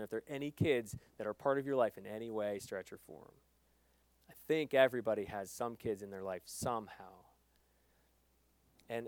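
A middle-aged male pastor preaching with earnest emphasis, swinging between loud stresses and quiet asides. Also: mid-range voice, clear, resonant tone, no echo. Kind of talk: sermon.

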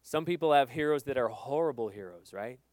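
A middle-aged male pastor preaching with earnest emphasis, swinging between loud stresses and quiet asides. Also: medium pitch, animated, fairly quick, no room sound. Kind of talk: sermon.

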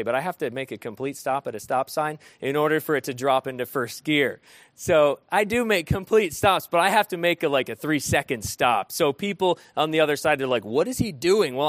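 A man preaching an interactive sermon, animated and often asking his listeners questions. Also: fairly high pitch, no echo. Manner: animated, asks the room questions.

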